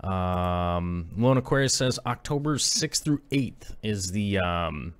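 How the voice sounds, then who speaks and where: An aquarium channel host in his thirties chats casually on a live stream, rambling from point to point with lots of ums and uhs and reading viewer messages aloud. His fairly low voice is expressive and slow, recorded close and dry with no room sound.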